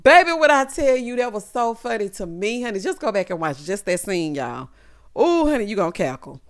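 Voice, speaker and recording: A woman's voice: mid-range voice, big pitch swings, fairly quick. A woman hosting a casual reality TV recap, telling it with sassy, dramatic flair and lots of 'honey' and 'child'.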